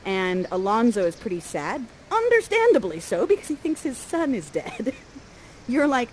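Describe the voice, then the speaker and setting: A woman directing a live Shakespeare performance, coaching the players and reading their lines softly. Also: on the high side, moderate pace, a little hiss or hum, poor audio. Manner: animated, coaching, reads lines aloud in a soft voice. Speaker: theatre director coaching actors.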